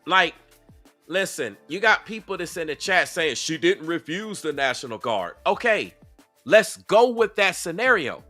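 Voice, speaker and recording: A man with a high, bright voice runs a casual reaction stream. He repeats his points and keeps asking his audience questions, with quiet music playing underneath. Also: a little slow. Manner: animated, repetitive, asks the audience. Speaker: commentator reacting to clips.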